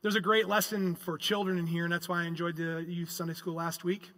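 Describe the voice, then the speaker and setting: A man preaching a sermon in a church sanctuary. His voice sits high and bright, and it rings out through a long hall reverb. He swings between loud, emphatic passages and hushed, reflective asides. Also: flat delivery, fairly quick. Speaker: pastor.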